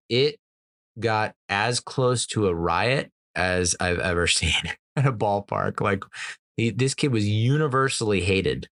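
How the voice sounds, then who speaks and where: A man in his thirties hosts a podcast in a low, easygoing voice. He rambles through his stories, swears casually and laughs often. The recording is dry and close-miked. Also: no echo. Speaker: podcast host. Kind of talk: casual storytelling chat.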